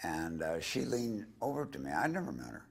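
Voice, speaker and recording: Older male guest, deep gravelly husky voice, animated storyteller acting out quotes. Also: brisk. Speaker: interview guest. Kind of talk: anecdotal storytelling.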